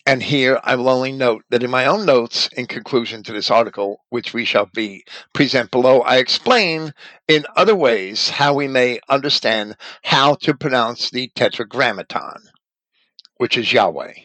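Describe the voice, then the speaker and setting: A man's voice: mid-range voice, moderate pace, sharp tone, dry recording, poor audio. A man reading an article aloud and commenting on it as a religious teacher, spelling out names letter by letter.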